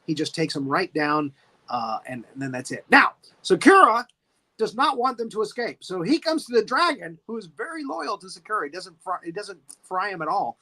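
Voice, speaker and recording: A man co-hosting a podcast, recapping a monster movie in a lively way, laughing often and acting out the scenes. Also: high voice, moderate pace. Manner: animated, laughing, acts out scenes. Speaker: podcast co-host.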